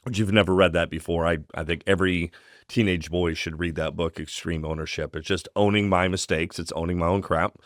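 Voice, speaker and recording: A man with a very low voice talks earnestly and at a steady pace on a faith podcast. The sound is dry and close, with no room around it. He reads scripture aloud now and then. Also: fairly quick, dry recording. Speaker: podcast co-host. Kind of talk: faith-based casual discussion.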